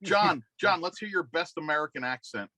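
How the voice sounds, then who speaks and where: A man's voice: fairly high pitch, animated, moderate pace, sharp tone. A man co-hosting a casual video call, wisecracking and playful. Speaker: co-host.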